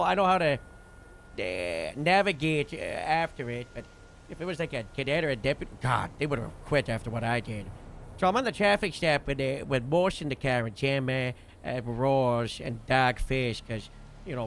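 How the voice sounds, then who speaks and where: Creaky-voiced man rambling through a story. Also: medium pitch, a little hiss or hum. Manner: rambling, full of "you know" and "like" fillers; animated retelling with sudden loud bursts. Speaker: livestreamer recounting a role-play shift. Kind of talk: casual storytelling recap.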